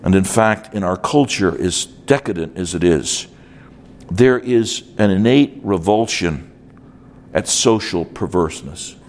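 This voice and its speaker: Emphatic low-voiced male preacher. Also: animated, measured pace. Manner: emphatic, repeats key phrases. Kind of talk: conference sermon. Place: conference hall.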